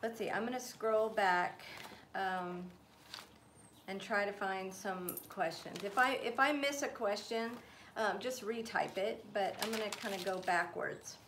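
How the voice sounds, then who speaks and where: A woman co-hosting a live stream, reading out viewers' questions in a relaxed, casual way. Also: medium pitch, noisy background. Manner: unhurried, scrolling through questions as she talks.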